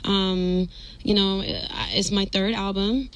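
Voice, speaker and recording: A woman's voice: medium pitch, steady tone, takes it slowly, low-quality recording. A woman guesting on a radio show in a studio, playfully switching between put-on accents, speaking into a studio mic. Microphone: studio mic and headphones.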